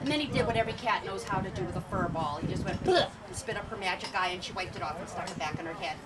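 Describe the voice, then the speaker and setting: A woman storyteller telling a tale to children in an animated way, quizzing the audience as she goes, filmed from afar on an outdoor festival stage. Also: on the low side, very fast. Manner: animated, asks the audience questions. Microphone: far camera. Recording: distant camera, outdoor crowd noise.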